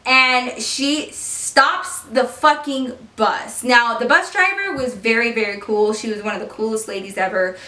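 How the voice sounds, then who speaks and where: Young woman, vlog storytime, animated, swears a lot, fairly high voice, roomy echo. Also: a little slow, few pauses. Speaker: beauty vlogger telling a story. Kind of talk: casual storytelling. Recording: echoey room, far from the mic.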